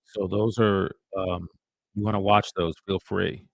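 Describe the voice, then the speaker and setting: A real estate agent with a low, gravelly voice live-streams his cold calls, talking viewers through them with commentary. His delivery is flat, a little slow, chatty and offhand, with frequent muttered asides under his breath. The sound is dry and close, with no echo or room around it.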